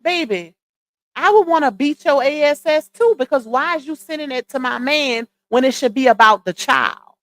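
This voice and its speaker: A woman's voice: high-pitched, expressive, normal speed. A young woman hosting a casual livestream, speaking in in an outspoken, emphatic way and addressing her viewers directly. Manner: opinionated, emphatic, talks straight to viewers. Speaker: live stream host.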